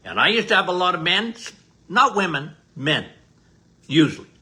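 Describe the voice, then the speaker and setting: A man's voice: high-pitched, sing-song, moderate pace, sharp tone. An older man, a doctor hosting a podcast, giving a casual health talk in an emphatic, repetitive, folksy way.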